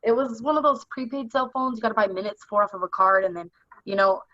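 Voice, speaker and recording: A young adult woman telling her own story in conversation, in a halting, earnest way full of "like". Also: fairly high pitch, pushed and bright, no room sound. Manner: halting, earnest, heavy use of "like". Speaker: interview guest. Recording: dull, dry lo-fi recording.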